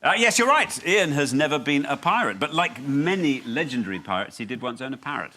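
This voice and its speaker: A man hosting a comedy quiz, briskly reading out scripted jokes. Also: mid-range voice, sing-song, bright, forceful tone, slight background noise. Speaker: quiz show host.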